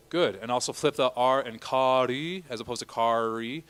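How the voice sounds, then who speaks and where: A middle-aged man leads a church choir rehearsal in a relaxed, chatty way. His voice sits at a middle pitch, and he keeps breaking into sung vowels and short phrases to show the singers what he wants. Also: moderate pace, hardly any pauses, clean tone. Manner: chatty, sings vowel and Latin examples. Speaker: choir director.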